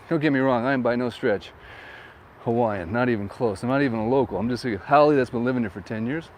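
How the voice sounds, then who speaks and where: A man giving a casual, joking street tour, talking while moving outdoors into a wind-muffled mic. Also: mid-range voice. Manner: upbeat, joking, rambling asides. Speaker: real estate agent giving a town tour. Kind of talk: casual chatty tour commentary. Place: outdoors on a town street, riding through. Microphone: wind-muffled mic with windsock. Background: faint wind and street traffic.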